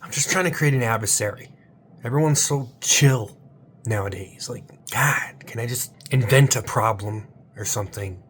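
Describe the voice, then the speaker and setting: A man's voice: mid-range voice, a little hiss or hum. Man rambling in whispers and bursts. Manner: swings between hushed whispers and loud drawn-out exclamations; mock-motivational, absurd rambling. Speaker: channel host. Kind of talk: rambling late-night comedic monologue.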